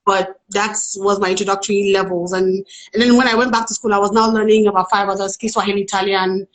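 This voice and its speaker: A woman's voice: mid-range voice, steady tone, quick pace, rough recording. A young woman chatting playfully on a live phone stream. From Nigeria. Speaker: guest, actress. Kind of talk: casual live chat.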